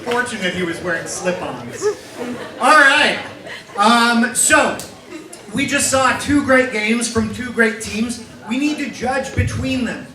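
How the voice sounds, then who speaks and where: A young man hosting a live improv comedy show, jokey and energetic as he addresses the audience. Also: very high-pitched, slow, crowd noise. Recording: echoey hall from far off, audience.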